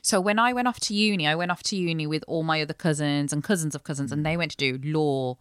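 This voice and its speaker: A woman's voice: sits low, quick pace, clean tone, dry recording, studio quality. A young adult woman, a chef and business owner, chatting earnestly in an interview and explaining at length. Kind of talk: casual interview chat.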